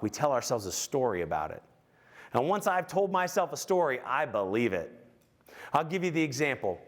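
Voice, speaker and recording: A man giving a motivational keynote on stage, telling a self-mocking story and questioning the audience. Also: on the high side. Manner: self-mocking, acts out his own anger. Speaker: keynote speaker.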